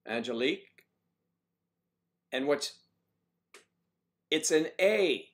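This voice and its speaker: A man's voice: lowish voice, lively intonation, moderate pace. A man hosting a casual morning livestream, chatting playfully and reading out viewer comments. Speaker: livestream host.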